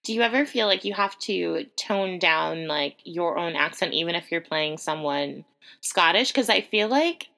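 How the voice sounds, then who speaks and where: A woman's voice: on the low side, animated, moderate pace, vocal fry, sharp tone. A woman hosting a podcast interview, asking rambling questions full of likes and laughs. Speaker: podcast host. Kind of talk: casual interview chat.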